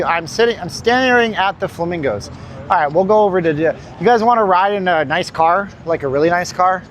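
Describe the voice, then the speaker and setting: Tired man rambling on a noisy street. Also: sits high. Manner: rambling, joking, talks to the chat. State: tired and winded. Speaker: livestream host. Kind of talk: casual walking livestream. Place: city street outdoors. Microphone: handheld phone. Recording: phone mic on a noisy street.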